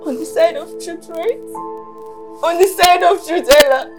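An actress playing a jilted young mistress who talks in a tearful, pleading way. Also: female voice, extremely high pitch, moderate pace. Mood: heartbroken. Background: music.

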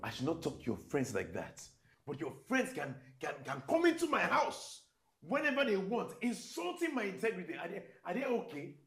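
A man plays a hot-tempered husband who yells, stammers and sneers at his wife's friends. His pitch swings wildly from low growls to high shouts, and soft music plays behind him. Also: huge pitch swings, normal speed, full character voice. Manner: yelling, stammering repeats, sarcastic. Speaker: controlling husband in a comedy skit.

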